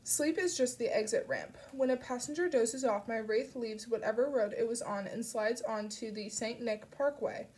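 A woman voicing a smooth-talking, sinister older male chauffeur in an audiobook, louder and coaxing. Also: on the high side, moderate pace, few pauses, lightly acted.

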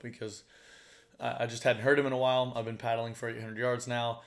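A man's voice: mid-range voice, brisk. Chatty man telling a story. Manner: chatty, lots of "like" and "you know", animated when retelling. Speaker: fishing guide and channel host. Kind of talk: casual storytelling to camera.

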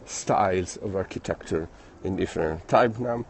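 Italian guy live streaming on his phone while walking around town, friendly and chatty, kinda halting english, a bit of faint street noise. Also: deep voice. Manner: friendly, chatty, halting non-native phrasing. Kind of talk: casual live-stream chat, reading viewer comments. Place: outdoors on city streets, walking.

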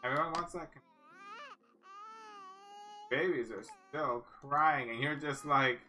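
A woman's voice: very deep voice, lively intonation, slow pace, pauses often, sharp tone, a little hiss or hum. A woman giving casual let's-play commentary, chatty and cooing at the game characters. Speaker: gaming channel host.

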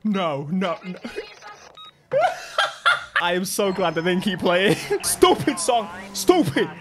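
Excitable British man commentating on gameplay. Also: sits high, slow pace, very noisy. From Britain. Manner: excitable, laughing, joking. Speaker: gaming YouTuber. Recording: music from the game behind.

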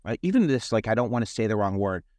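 A man's voice: fairly low pitch, very animated, fast talker, darkish tone, dry recording, clean studio sound. A man hosting a podcast interview, talking in a loose rambling way with repeated words and restarts. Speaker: podcast host. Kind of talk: conversational interview.

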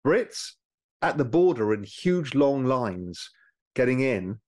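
A British man speaking as an interview guest, animated and explanatory, with a lively way of making his points. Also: mid-range voice, slow. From Britain. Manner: animated, explanatory, mimics people for effect. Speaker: guest, former hedge fund manager. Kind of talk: conversational interview.

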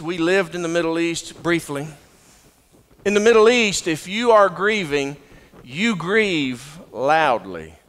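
In a church sanctuary, a pastor with a high, fairly bright voice preaches a sermon that echoes through the large hall. He reads scripture aloud and trades folksy jokes with the congregation.

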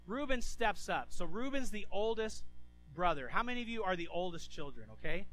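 A male pastor with a high, bright voice delivers an animated sermon. He stammers through quick restarts and throws himself into the voices of the figures he describes. Faint music plays underneath. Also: dry recording, low-quality recording.

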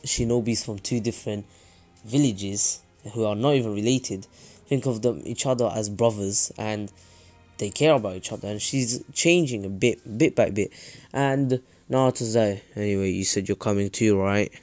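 A man casually retells a fan story in a low voice, rambling, correcting himself and cracking jokes. Faint music plays underneath. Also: moderate pace, a little mellow. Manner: rambling, self-correcting, joking.

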